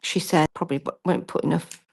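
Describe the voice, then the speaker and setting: A woman's voice: low-pitched, fairly even intonation, quick pace, creaky. A woman chatting through a live craft demonstration, self-deprecating and talking as she works. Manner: chatty, self-deprecating, talks while working.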